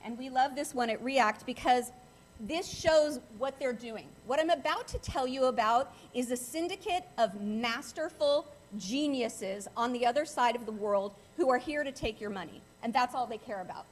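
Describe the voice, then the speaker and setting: Emphatic woman speaker, slightly high. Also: moderate pace, slight background noise. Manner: earnest, emphatic, repeats phrases. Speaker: guest speaker on cybercrime. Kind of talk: public talk to a club.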